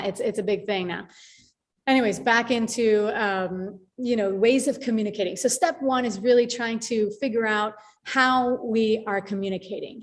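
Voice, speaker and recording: A woman hosting a live online group call, talking in a chatty, animated way with many fillers and restarts. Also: a little high. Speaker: call host.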